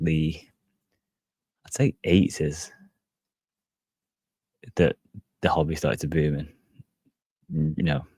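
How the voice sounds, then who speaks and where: A man's voice: extremely low pitch, darkish tone, no echo. A man hosting a casual solo podcast, rambling and hedging with lots of fillers. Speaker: podcast host.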